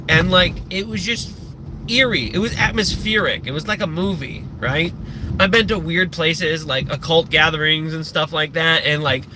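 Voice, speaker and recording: A young man chatting casually on a live stream, rambling and swearing with lots of fillers, a bit out of breath. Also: high-pitched. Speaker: livestreamer. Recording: outdoor street noise behind.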